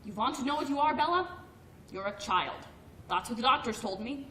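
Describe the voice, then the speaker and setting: Cast a hard, cold grandmother, blunt and clipped, slightly high voice, roomy distant film sound. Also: animated, a little fast, pushed and bright, slight background noise. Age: older. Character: stern, cold old grandmother who runs a store. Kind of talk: film drama acting.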